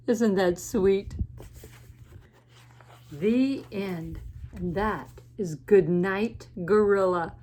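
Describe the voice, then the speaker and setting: Woman, teacher, storybook read-aloud, unhurried, mid pitch, gentle questions to kids. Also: slight background noise. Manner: gentle, asks the listener questions, laughs often. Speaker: teacher reading to children. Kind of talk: picture book read-aloud.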